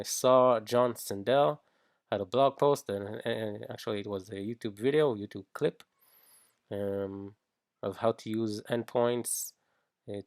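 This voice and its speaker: Slow, gravelly man explaining code. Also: fairly low pitch, darkish tone, no room sound, clean studio sound. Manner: halting, thinking aloud with fillers and restarts. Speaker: iOS developer teaching. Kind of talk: screen-recorded coding tutorial.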